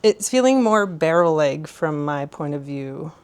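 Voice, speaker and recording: A woman's voice: low-pitched, animated, measured pace, darkish tone, clean tone. A young woman chatting casually in a home vlog, rambling and laughing often. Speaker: vlogger. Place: home room.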